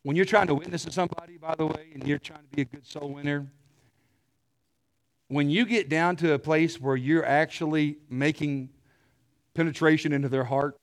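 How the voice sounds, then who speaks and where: A middle-aged man preaching a sermon, telling stories with animated energy and clearing his throat often. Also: on the high side.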